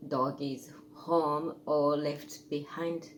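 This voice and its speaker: Halting woman, low and slow. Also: fairly even intonation, a little hiss or hum, rough recording. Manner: halting, giggly. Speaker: guest. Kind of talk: casual chat.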